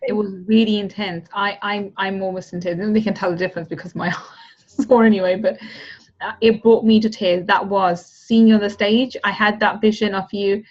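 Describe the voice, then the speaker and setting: A woman with a husky, slightly rough voice leads a group over a video call, affectionate and coaxing with her participants. The audio is dull and muffled, as from a laptop mic. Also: mid-range voice, steady tone, a little fast, a little mellow. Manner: affectionate, calls people honey and darling. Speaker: manifestation coach and group host. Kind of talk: guided visualization and group video-call chat.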